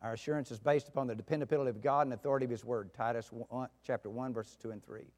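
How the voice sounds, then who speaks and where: A man preaching a sermon at a middle pitch, telling stories in a folksy way. He drops to soft asides and then rises to loud outbursts. His voice carries a long reverb, as in a big hall. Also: steady tone, very fast.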